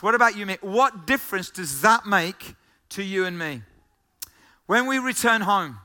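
High, bright-voiced preacher. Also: male voice, animated, normal speed. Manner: emphatic, repeats key phrases, asks the listeners questions. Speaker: pastor. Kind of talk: sermon.

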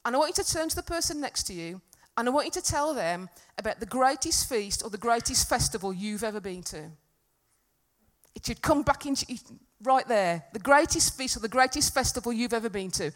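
A woman preaching a sermon to a congregation, earnest and emphatic, swinging from loud peaks to soft, quiet stretches. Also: a little high, animated, brisk. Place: church hall with congregation.

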